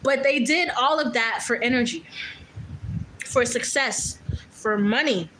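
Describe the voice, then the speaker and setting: High-voiced woman giving a blunt tarot reading. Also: unhurried, pushed and bright, a little hiss or hum, poor audio. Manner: blunt and profane, loose, with many fillers. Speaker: tarot reader. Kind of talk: casual tarot reading monologue.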